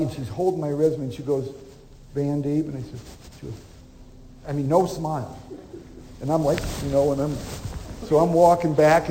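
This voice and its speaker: A man speaks on stage as a motivational speaker, telling a story and acting out each part of the dialogue. His voice sits a bit high for a man but sounds mellow and relaxed. The sound rings with the long reverb of a large hall over a faint hiss. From Omaha, Nebraska. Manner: animated storyteller, acts out dialogue. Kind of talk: storytelling keynote talk.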